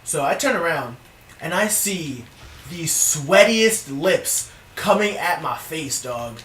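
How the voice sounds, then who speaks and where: A man's voice: a little high, slow. Young man telling a casual, cussing story. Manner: casual, profane, animated storytelling. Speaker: vlogger. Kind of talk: storytime vlog. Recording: roomy, distant from the mic.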